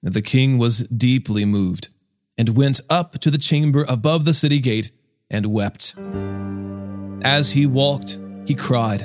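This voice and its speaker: A man reading scripture aloud in a measured, expressive way as the show's regular reader. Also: mid-range voice, music in the background.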